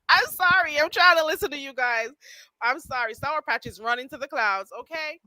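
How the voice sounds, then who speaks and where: A woman's voice: high voice, unhurried, pushed and bright, no room sound, rough recording. A woman hosting a casual live chat stream, chatty and laughing as she questions her guests.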